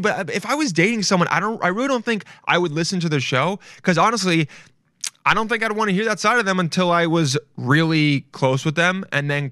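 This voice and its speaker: A man's voice: on the high side, a bit bright, no echo, studio quality. A young man hosting a casual solo podcast, talking in a loose, emphatic way and swearing freely. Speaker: podcast host.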